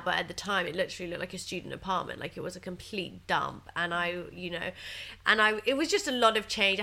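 A young woman speaking openly in a relaxed chat, full of fillers like "like" and "you know". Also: mid-range voice. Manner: chatty and open, many fillers like "like" and "you know". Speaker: guest. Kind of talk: candid casual chat.

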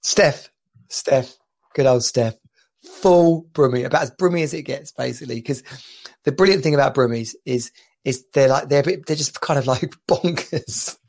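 A man's voice: medium pitch, moderate pace, gravelly, a little mellow. A man hosting a casual podcast, chatting and telling stories with lots of laughter and restarts. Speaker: podcast host. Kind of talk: casual chat. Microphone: home podcast mic.

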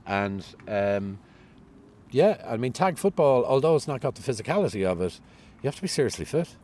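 A man's voice: mid-range voice, big pitch swings, a little fast, darkish tone, a little hiss or hum. A middle-aged man with a Cork Irish accent, a radio newsreader chatting as an interview guest, self-deprecating and full of stories. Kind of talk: casual interview chat.

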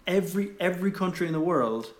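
A man in casual comedic chat, agreeable and quick to chime in. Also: high voice, expressive. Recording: roomy echo.

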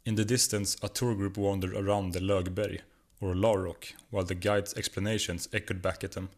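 Swedish guy narrating a funny short story, low voice, steady read. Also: brisk. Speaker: guest reader.

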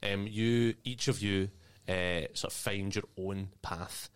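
A man narrating as game master of a tabletop game, loose and casual with many ums and uhs, quick to laugh. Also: on the low side, steady tone, clean tone.

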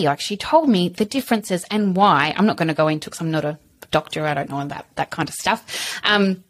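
A woman's voice: mid-range voice, fairly quick. A woman, a podcast guest telling her story frankly, full of fillers. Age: 30s. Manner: chatty, frank, lots of fillers. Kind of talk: candid personal interview.

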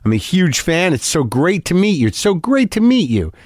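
Man putting on a starstruck street fan: high, eager, gushing, dry close sound. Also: normal speed, no room sound. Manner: gushing, breathless praise, high and excited. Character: overeager earnest male fan on the street.

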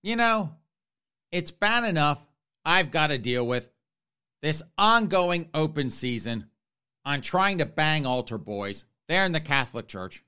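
A man's voice: on the high side, lively intonation, a little slow, pushed and bright, clear, resonant tone. A man doing a fed-up, crude-talking God. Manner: grumbling, fed-up complaints. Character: exasperated male God, blunt and crude.

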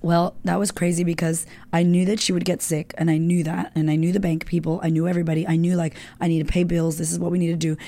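A woman's voice: lowish voice, level tone, fast, hardly any pauses, mellow. A middle-aged woman telling her own life story in an interview, frank and emotional, swearing freely. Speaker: guest. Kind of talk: candid personal storytelling.

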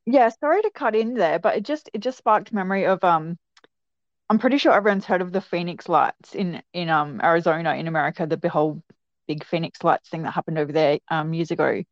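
A woman's voice: on the low side, fairly quick, dry recording. Chatty woman guest, dull lo-fi sound. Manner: chatty, laughs while talking. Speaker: guest recounting a sighting. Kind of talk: casual storytelling.

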